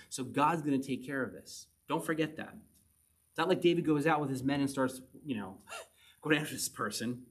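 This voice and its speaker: A man teaching verse by verse from the Bible, reading passages aloud and then explaining them in a relaxed, conversational way. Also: medium pitch, slightly rough. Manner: reads scripture then explains it conversationally, with little chuckles.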